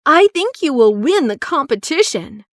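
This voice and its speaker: A woman voicing a brave, excited young girl in a children's story, speaking in an earnest, determined way. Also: high voice, moderate pace, no room sound, clean studio sound, pitched above the performer's own voice. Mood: admiring.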